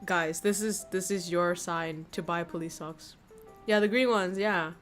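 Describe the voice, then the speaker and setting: A woman's voice: fairly low pitch, a little slow, soft background music. A woman streamer in casual chat who laughs often and swears casually.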